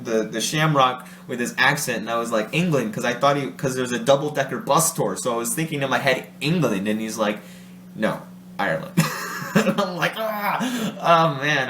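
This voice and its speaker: A man's voice: medium pitch, a bit bright. Rambling man in a roomy room. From Ohio, USA. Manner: rambling, self-correcting, often laughing. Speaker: vlogger. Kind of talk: casual monologue. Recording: roomy room with faint hum.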